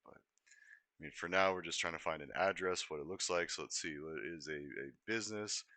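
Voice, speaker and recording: A man's voice: deep voice, normal speed, bright, forceful tone, dry recording. A young man from Colorado chatting casually on a live stream, rambling and easily sidetracked as he corrects himself. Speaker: livestreamer.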